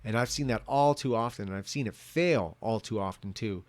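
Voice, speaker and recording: A man's voice: on the low side, normal speed, no room sound. A man in his thirties giving a drunken, rambling rant as a vlogger, swearing and restarting his sentences often. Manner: profane, rambling, many restarts.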